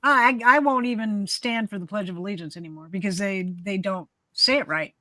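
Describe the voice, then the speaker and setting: Woman host, blunt, laughs a lot, bright dry voice on a stream mic. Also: mid-range voice, a little fast, no echo. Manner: blunt, outspoken, laughs often. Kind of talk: casual live panel chat.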